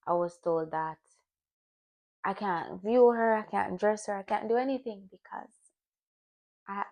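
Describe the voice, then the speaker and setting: Young woman with a gravelly, candid vlog voice. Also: medium pitch, measured pace, long pauses, a little mellow. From Jamaican family. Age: young adult. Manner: candid, reflective, restarts. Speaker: vlogger. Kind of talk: personal year-recap vlog.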